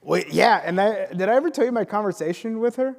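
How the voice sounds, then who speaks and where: A man interviewing a comedian onstage, chatty and quick to laugh, with halting restarts as he asks questions. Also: sits high, animated, creaky. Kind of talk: casual onstage conversation. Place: stage in an auditorium. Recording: long hall reverb, faint noise.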